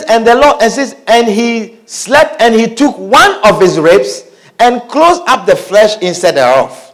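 A man delivers a sermon in a high voice that leaps up and down through his phrases. He preaches with fervor, breaking in with hallelujahs and putting questions to the congregation. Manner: animated preaching with calls of hallelujah and amen.

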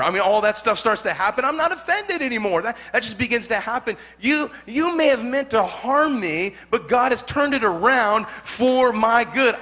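A man's voice: sits high, bright, forceful tone. A male pastor preaching a sermon, emphatic and joking, repeating his points for effect.

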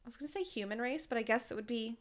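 A chatty woman in her thirties, her voice sitting a little high. She recaps a story in a playful way and laughs often. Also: rapid-fire. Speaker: podcast host recapping a book. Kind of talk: casual chat.

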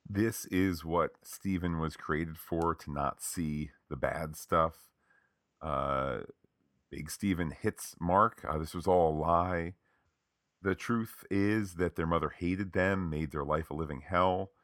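A male podcast co-host with a deep, bright, forceful voice walks through an episode, often pausing on "uh." The sound is dry and close. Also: no echo. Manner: conversational, with frequent "uh" fillers. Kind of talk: episode recap narration.

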